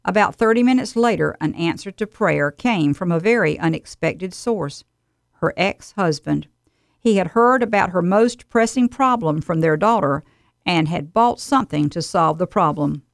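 A woman delivering a scripted radio devotional in an earnest, steady, exhorting manner. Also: on the low side, gravelly, no room sound, studio quality.

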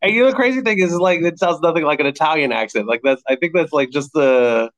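A man's voice: on the high side, fast talker, fairly bright tone, no room sound, low-quality recording. A man chatting casually on a podcast, speaking hesitantly with many restarts.

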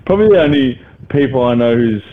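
A man's voice: mid-range voice, expressive, quick pace. A man co-hosting a casual podcast, blunt and swearing, often breaking into laughter. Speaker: podcast co-host. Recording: dull lo-fi sound.

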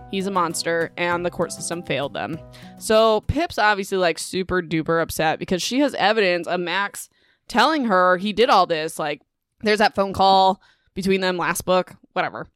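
A woman's voice: fairly low pitch, fairly bright tone, clean tone, no echo, clean studio sound. A young woman casually recapping a novel on her podcast, chatty and sarcastic, saying "like" and "whatever" constantly. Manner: chatty, heavy use of "like" and "whatever", sarcastic asides.

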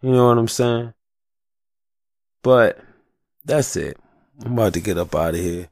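A man's voice: lowish voice, measured pace, a little mellow, no echo, studio quality. A young adult man hosting a solo podcast, talking in a passionate, profane rant full of slang. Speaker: podcast host.

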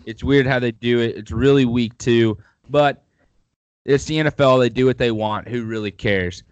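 A man's voice: medium pitch, normal speed, clean tone, no room sound, dull audio. Man hosting a chatty football podcast, dry sound. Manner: rambling, opinionated, conversational. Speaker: podcast host. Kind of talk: casual chat about football.

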